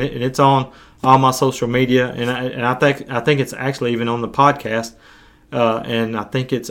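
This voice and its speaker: A man preaching a podcast sermon as pastor, earnest and urging, with his voice going hoarse. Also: mid-range voice, a bit bright. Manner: earnest, urging, slow deliberate pauses. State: losing his voice.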